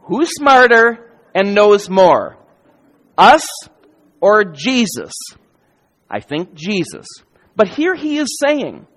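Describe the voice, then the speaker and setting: A man preaching a sermon in an emphatic, varied delivery with deliberate pauses, in a church sanctuary. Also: high-pitched. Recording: hall reverb.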